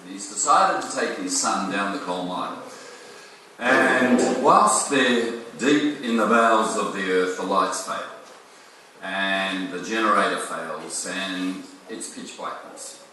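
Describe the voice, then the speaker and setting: A man's voice: low-pitched, takes it slowly, sharp tone, a little hiss or hum. A man with an Australian accent telling a story in an earnest, emphatic way. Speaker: speaker in a played video. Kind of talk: storytelling talk. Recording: echoey video playback from far off.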